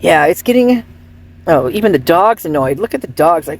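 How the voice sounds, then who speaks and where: Husky woman rambling through gossip on her channel, lots of restarts. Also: lowish voice, animated, moderate pace, a little mellow. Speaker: channel host commenting on celebrity photos. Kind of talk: casual commentary vlog.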